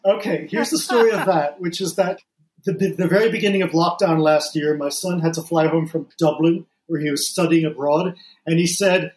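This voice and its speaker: A man's voice: on the high side, reverberant, a little hiss or hum, low-quality recording. A man guesting on a podcast, telling anecdotes in casual conversation. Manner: chatty storyteller, quick anecdotes.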